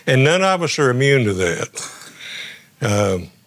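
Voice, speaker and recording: A man's voice: medium pitch, big pitch swings, a little slow, a bit bright. A middle-aged male guest pastor preaching a sermon in a conversational way, often stumbling and repeating his words as he goes.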